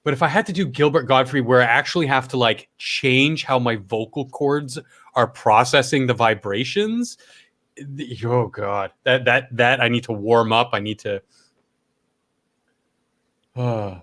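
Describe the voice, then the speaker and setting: A male stream host chatting loosely late at night, his voice stuffed up and worn from talking for hours. He rambles along with small coughs and offhand swearing, at a middling pitch. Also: unhurried, a bit bright.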